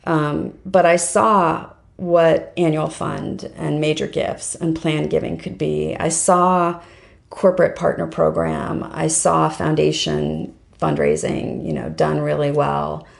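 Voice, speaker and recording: A middle-aged woman with a low, heavily gravelly voice, talking as a podcast guest. She tells her story casually, filling her talk with "like" and "um". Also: level tone, takes it slowly. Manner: chatty, story-driven, lots of "like" and "um". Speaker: podcast guest, fundraising professional.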